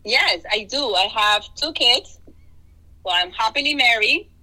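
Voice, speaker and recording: An excitable woman guest chats on a casual podcast, laughing off her own slips. Her voice is very bright and sits a little high. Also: measured pace, poor audio. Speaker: podcast guest, dental hygienist.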